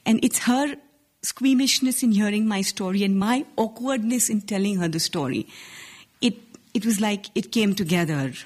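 A woman in her forties from India with an Indian accent, telling a personal story live on stage in an earnest, measured way with small restarts. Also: medium pitch, a little mellow. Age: 40s. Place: stage before a live audience.

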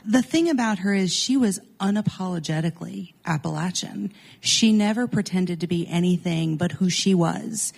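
A woman talks as a radio interview guest, emphatic and full of enthusiasm. Her voice sits on the lower side for a woman. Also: normal speed, vocal fry.

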